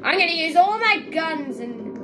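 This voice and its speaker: A young woman giving excitable gaming commentary, often yelling at other players. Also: extremely high pitch, normal speed, heavy background noise. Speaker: gaming video creator. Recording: gameplay with music behind.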